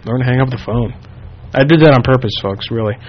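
A man's voice: medium pitch, fast, heavy background noise. A man hosting a casual radio show, rambling, joking and mimicking callers. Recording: muffled radio sound with faint music.

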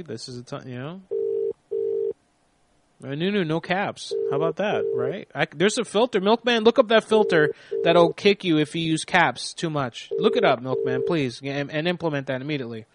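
A man's voice: a little high, normal speed, very noisy. A man hosting a live call-in prank show, talking in a rambling, off-hand way with some swearing. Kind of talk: casual live-stream talk.

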